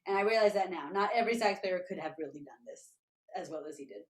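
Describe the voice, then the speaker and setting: A woman tap dancer telling stories as an interview guest, lively and animated, often scatting rhythm syllables aloud to show her ideas. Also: lowish voice, fast.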